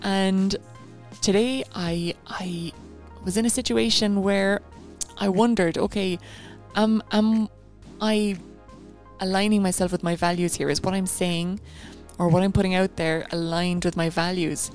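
A woman's voice: fairly low pitch, fairly even intonation, a little slow, darkish tone, faint music behind. A woman coaching a guided running session, chatty and encouraging, given to rambling asides.

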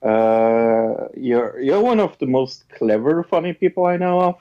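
A man's voice: mid-range voice, animated, measured pace, mellow, lo-fi sound. A man hosting a podcast in casual chat, jokey and swearing freely. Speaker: podcast host.

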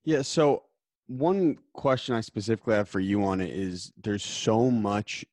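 Low-voiced guy hosting a podcast, casual and teasing. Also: normal speed, darkish tone. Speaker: podcast host.

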